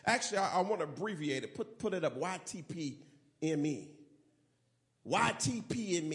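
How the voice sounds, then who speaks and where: A man preaching a sermon, leading call-and-response and rising to shouts. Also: on the high side, lively intonation, moderate pace.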